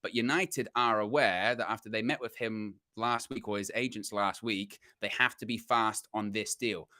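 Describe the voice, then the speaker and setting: Man, co-host, bright and forceful tone, dry close call audio, reads news with a joke or two. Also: fairly low pitch, fairly even intonation, moderate pace, no echo. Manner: reads transcript news, jokey. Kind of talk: casual fan podcast chat. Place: home, sirens outside.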